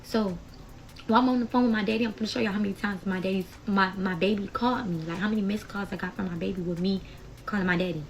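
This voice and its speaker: This storytime vlogger, a young adult woman, talks fast in a steady, mid-range voice on a rough recording with slight hiss or hum. Her heated tale comes out casual and emotional, aimed right at "y'all."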